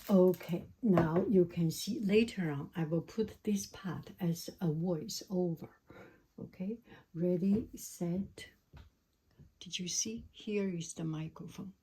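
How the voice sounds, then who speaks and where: A woman casually demoing a new microphone, drifting between quiet speech and whispers. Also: lowish voice, takes it slowly, slight background noise. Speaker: vlogger unboxing and testing a microphone. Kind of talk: casual demo with soft whispering. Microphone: testing a new desktop microphone.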